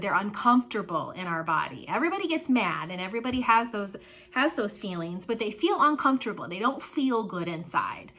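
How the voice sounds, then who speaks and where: A woman teaching a lesson to young children, animated and sing-song, with playful exclamations. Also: mid-range voice.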